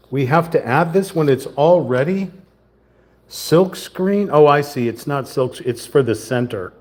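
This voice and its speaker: Male streamer, low voice, easygoing self-talk while building a kit. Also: darkish tone. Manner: chatty, self-talking, mild southern lilt at times. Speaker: livestream host building a puzzle kit. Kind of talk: casual hands-on build narration.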